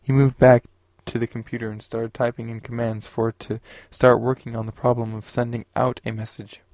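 A man narrating a science fiction audiobook in a steady, unhurried way. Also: mid-range voice, no echo.

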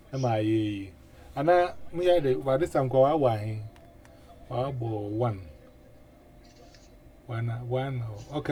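A man hosts a loose, mixed-language radio chat. His voice sits a bit high for a man. He keeps things animated, leaning on 'eh' fillers and doubling his words. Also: a little hiss or hum.

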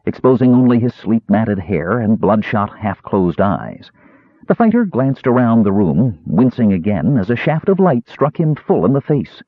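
A man narrating a fantasy audiobook with a very expressive delivery. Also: mid-range voice, breathy edge, no room sound. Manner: very expressive, wide-ranging delivery. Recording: dry, tinny phone-like sound.

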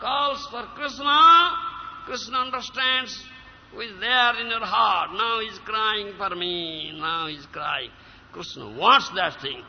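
A man preaches in an emphatic, questioning way, his voice high and gravelly. The recording is dull and lo-fi, carrying a long hall reverb with faint ambience behind. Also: slight background noise. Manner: emphatic, rhetorical questions to listeners, breaks into chanting. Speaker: spiritual teacher. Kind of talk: devotional lecture with sung verses.

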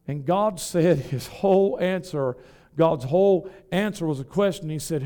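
High, smooth-voiced man preaching. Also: a little slow, mellow. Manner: rhythmic, folksy, calling out questions to the congregation. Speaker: Pentecostal bishop preaching. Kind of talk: sermon. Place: church before a congregation.

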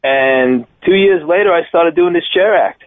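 Fifties man, thick Long Island accent, animated phone-in guest, phone audio. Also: a little high, moderate pace, dry recording. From Long Island, New York. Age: 50s. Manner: chatty, animated storyteller. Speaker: circus daredevil performer, guest. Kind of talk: phone-in interview. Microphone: telephone. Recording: tinny phone line.

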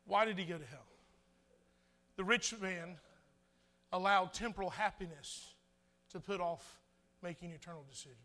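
A man's voice: sits high, moderate pace, long pauses, bright, forceful tone. A middle-aged man preaching a sermon as pastor, chatty and stammering through restarts, slipping into little acted asides.

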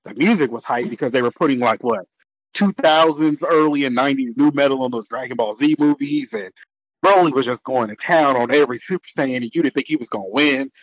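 A man chatting casually on a podcast panel, animated and rambling, quick to laugh. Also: mid-range voice, no room sound, low-quality recording. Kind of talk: casual group chat ranking cartoon characters.

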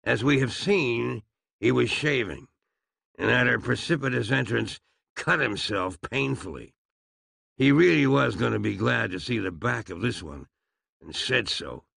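A man narrating a comic western audiobook with a wry, lively storytelling manner. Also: mid-range voice, measured pace, vocal fry, slightly rough, no echo.

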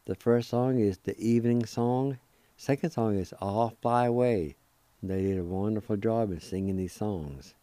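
A man's voice: fairly low pitch, moderate pace, dark tone, no room sound. A man hosting a radio language lesson, patiently spelling words letter by letter and repeating each pronunciation. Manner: politely encouraging. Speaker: radio host teaching vocabulary. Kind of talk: slow, patient vocabulary lesson.

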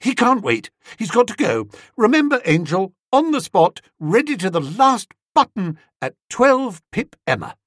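A storybook reader voicing an imperious, scheming young woman who talks fast and bosses everyone around. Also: mid-range voice, big pitch swings, no room sound, clean studio sound, pitched above the performer's own voice. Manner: bossy, fast and breathless.

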